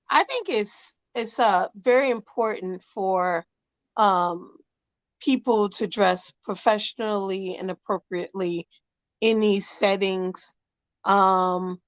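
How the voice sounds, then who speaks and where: Casual woman talking on a video call, slow, lots of ums and little laughs, dry close sound. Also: mid-range voice, no room sound, rough recording. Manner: hesitant, many fillers, laughs between points. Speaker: panel guest. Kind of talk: casual chat.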